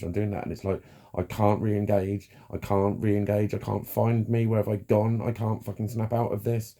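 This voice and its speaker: A man giving a frank, halting personal monologue, swearing freely and restarting his sentences. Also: lowish voice, mellow. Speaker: vlogger.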